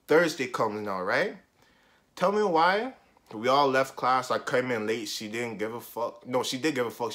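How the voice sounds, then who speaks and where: A young man telling a story from his school days in a casual vlog, animated and full of slang and swearing, jumping between loud outbursts and muttered asides. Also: mid-range voice.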